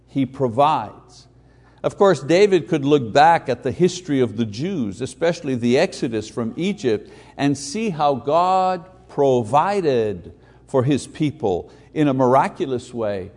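A man preaching a sermon, slowing for emphatic phrases and dropping to quiet asides. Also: medium pitch, lively intonation. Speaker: pastor.

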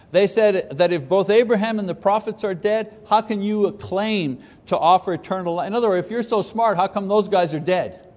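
A fairly high-voiced man preaching verse by verse, reading scripture and then slipping into casual, joking asides to his listeners. His voice carries a long reverb, as if filling a large hall. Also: darkish tone. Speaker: pastor. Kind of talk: verse-by-verse Bible teaching.

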